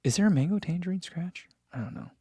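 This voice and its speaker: Fast and animated, a man with a high-sitting, warm, husky voice reads his viewers' chat aloud on a running-channel livestream. He rambles in a relaxed way, full of fillers, and the audio is dry.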